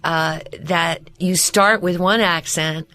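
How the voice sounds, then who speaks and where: A woman's voice: lowish voice, fairly even intonation, slow pace, pushed and bright. A woman voice actor and teacher in a casual podcast conversation, explaining her craft animatedly with frequent restarts. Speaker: guest voice actress and voice-over teacher.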